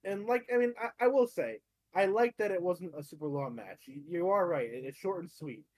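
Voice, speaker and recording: A man's voice: sits high, lively intonation, fairly quick, a little mellow, no echo. A man co-hosting a podcast, talking casually with stammering restarts and swearing for emphasis. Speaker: podcast co-host. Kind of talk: casual chat.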